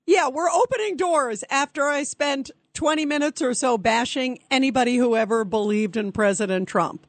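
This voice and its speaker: A woman radio host with a slightly higher voice gives indignant, critical commentary between calls. She sits close to the mic in a dry studio, and her words land with no room around them. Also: moderate pace, no echo. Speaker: radio talk show host. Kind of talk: call-in talk radio commentary.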